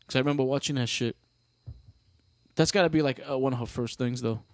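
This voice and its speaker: A man's voice: mid-range voice, fairly quick, no room sound. A man co-hosting a podcast, talking bluntly and crudely and teasing his friends. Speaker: podcast co-host. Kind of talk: casual crude banter.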